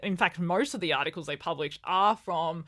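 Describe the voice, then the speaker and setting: A woman's voice: fairly low pitch, normal speed, fairly bright tone. A woman co-hosting a podcast, chatting casually in a rambling way with restarts and frequent laughter. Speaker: podcast co-host. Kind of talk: casual chat.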